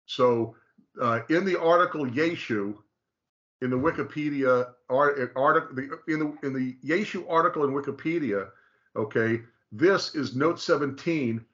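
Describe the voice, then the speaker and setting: A mid-pitched man walks through material in a casual, explanatory way, stopping and restarting his sentences often. He slows right down to stress particular names. The audio is dull and lo-fi. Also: a bit bright. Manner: halting, frequent restarts, slow drawn-out stress on names. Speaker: presenter.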